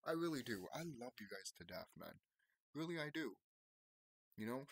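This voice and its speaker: A man in his thirties, a YouTuber, speaks in a creaky mid-range voice with big pitch swings and a moderate pace, slight background noise underneath. His unscripted talk to subscribers is casual, emphatic, rambling, and repetitive.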